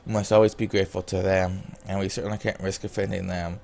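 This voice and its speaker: A man's voice: low-pitched, level tone, fast, creaky, darkish tone, slight background noise. A man reading a visual novel's dialogue aloud in his own plain voice, breaking off now and then for casual comments. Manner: reads all the character lines in a plain voice, breaking off for casual comments.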